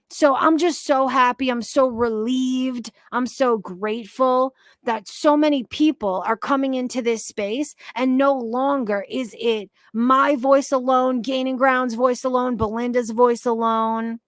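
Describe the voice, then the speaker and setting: Woman streamer chatting slow, swears a lot, rambles, dry close mic. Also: high-pitched, no echo. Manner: emphatic, profane, rambling. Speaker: livestream commentary host. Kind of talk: casual profane livestream commentary.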